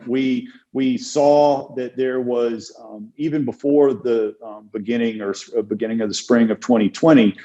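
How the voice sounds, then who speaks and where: A man who is a criminal defense attorney, talking through an interview in a measured, thoughtful way with many ums and uhs. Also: medium pitch, warm tone. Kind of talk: casual interview talk. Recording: dull lo-fi sound.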